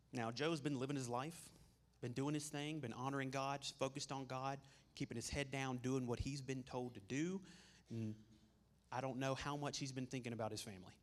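A man preaching a sermon in a loose, chatty style, with a mid-range voice. He drops into quick voiced asides for the people in the story, then carries straight on talking to the congregation. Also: mid-range voice. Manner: conversational, plays characters in quick voiced asides.

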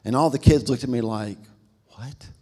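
Pastor telling a story in a reverberant hall. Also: male voice, medium pitch, moderate pace, dark tone. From American South. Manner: storytelling, acts out quoted voices, says "y'all". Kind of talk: sermon with a personal story.

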